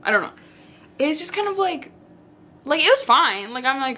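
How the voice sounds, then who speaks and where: A young woman chatting casually as a book vlogger, animated and dramatic, with lots of filler "like"s. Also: high-pitched, moderate pace. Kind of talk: casual chat.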